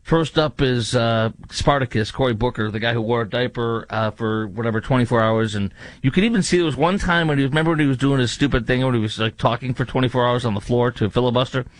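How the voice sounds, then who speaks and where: A man's voice: medium pitch, fast. A man hosting a talk show, giving political commentary with sarcastic, mocking asides.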